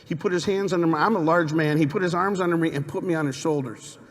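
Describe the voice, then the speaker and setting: A middle-aged male preacher with a fairly high voice tells stories from the pulpit and keeps turning to the congregation with questions. His words ring out with a long reverb through a large church hall. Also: quick pace. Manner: conversational, asks the congregation questions. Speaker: guest pastor. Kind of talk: storytelling sermon. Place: church sanctuary.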